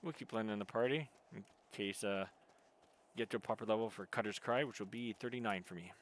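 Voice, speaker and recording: A male game streamer, raised bilingual in French and English, talks casually between scenes. His voice is low and unhurried, and his comments are offhand. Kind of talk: casual gameplay chat.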